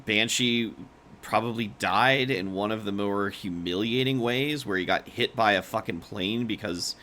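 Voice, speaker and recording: A man with a lowish, bright voice co-hosts a podcast chat. He talks loosely and swears freely as he steers the conversation. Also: unhurried. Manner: chatty, swears freely, leads the discussion. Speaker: podcast co-host. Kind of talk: casual comic-book ranking chat.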